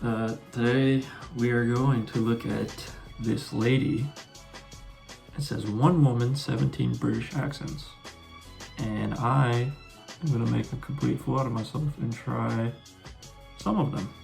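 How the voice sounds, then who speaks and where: A man's voice: mid-range voice, measured pace, creaky, darkish tone, soft background music. An American man hosting a reaction video, laid-back and casual, joking and swearing. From United States.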